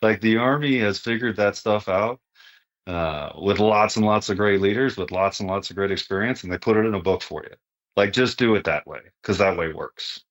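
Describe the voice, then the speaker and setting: A man's voice: on the low side, normal speed. A middle-aged man, a retired army sergeant major, speaking casually as a podcast guest in a plain-spoken way, often tagging sentences with "right?". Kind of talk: casual conversational interview.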